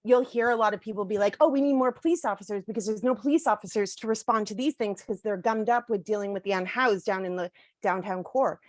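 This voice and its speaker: A Canadian woman who works on the front lines of social services gives an impassioned townhall speech in a mid-range voice, recorded dry. She speaks bluntly and angrily, saying "like" and "you know" a lot.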